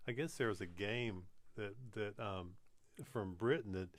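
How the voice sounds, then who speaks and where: A man co-hosting a casual talk show, with a fairly low voice. He is easygoing and quick with a joke. He often repeats a word before getting going. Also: no echo. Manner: easygoing, quick with jokes, stammers at starts. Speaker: co-host. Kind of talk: casual chat.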